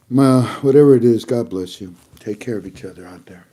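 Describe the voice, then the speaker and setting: A man hosting an online talk show, teasing an imagined listener with mocking banter and swinging between loud emphatic lines and low muttered asides. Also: a little fast, hardly any pauses, husky. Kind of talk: casual monologue.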